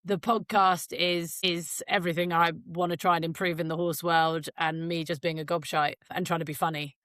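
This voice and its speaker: A woman's voice: lowish voice, little pitch movement, moderate pace, fairly bright tone, no room sound. Middle-aged woman, from Britain, candid rambling guest, swears and jokes, dry close recording. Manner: frank and jokey, swears, rambling tangents. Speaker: podcast guest, equestrian broadcaster. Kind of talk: candid conversational interview.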